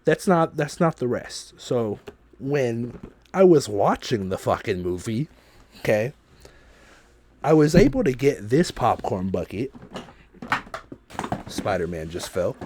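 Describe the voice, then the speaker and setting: A man hosting a podcast, telling a story in a loose, profane, animated way. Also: medium pitch, slow, pauses often, a little hiss or hum. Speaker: podcast host.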